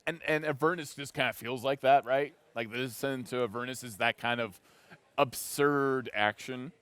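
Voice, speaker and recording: A man being interviewed at a live convention, talking in a rambling, excitable way and laughing often. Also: mid-range voice, normal speed, smooth, dry recording. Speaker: guest, creative manager.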